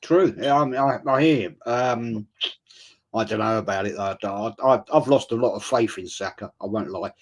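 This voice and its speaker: A man hosting a live fan stream casually, reading out viewers' comments and giving shout-outs. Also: on the low side, moderate pace.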